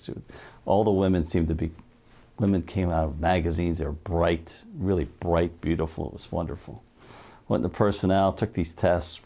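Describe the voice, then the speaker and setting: An older man telling lively anecdotes in an oral-history interview, acting out the people he quotes. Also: low-pitched, creaky, breathy edge. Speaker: interviewee, former TV newsman.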